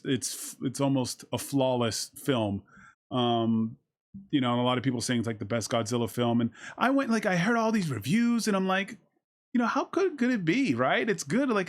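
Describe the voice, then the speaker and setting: Guy doing a hyped rambling movie review, lots of um and like, voice jumps all over when he gets into it. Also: mid-range voice. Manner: excited, rambling with many fillers and restarts; acts out his own reactions with sudden shouts. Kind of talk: casual spoken review.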